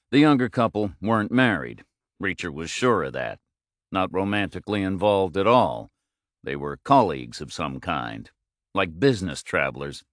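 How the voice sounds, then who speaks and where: Deep-voiced male audiobook narrator. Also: lively intonation, a bit bright, no echo, clean studio sound. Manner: measured, clipped phrasing.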